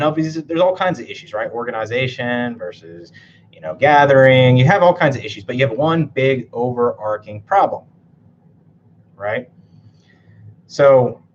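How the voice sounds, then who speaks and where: Blunt, foul-mouthed male coach in casual talk to camera; dull lo-fi recording, light hiss. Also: mid-range voice. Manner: blunt, swears a lot, tags sentences with "right?". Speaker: typology and NLP coach.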